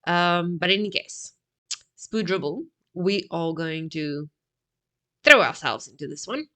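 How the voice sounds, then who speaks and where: A woman's voice: fairly low pitch, lively intonation, a little slow, a bit bright. A woman hosting a music reaction video, chatting casually to her viewers, often laughing and tripping over her words. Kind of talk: casual chat to camera.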